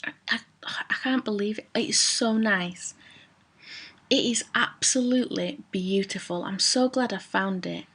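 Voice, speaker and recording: Woman, vlogger, gravelly, husky, rambling casual chat. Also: medium pitch, unhurried, fairly bright tone. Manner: chatty, rambling, self-mocking.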